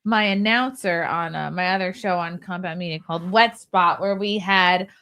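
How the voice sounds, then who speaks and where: A woman hosting a podcast in casual panel chat, bubbly and teasing, quick to laugh. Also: on the low side, bright, forceful tone, clear, resonant tone. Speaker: podcast host.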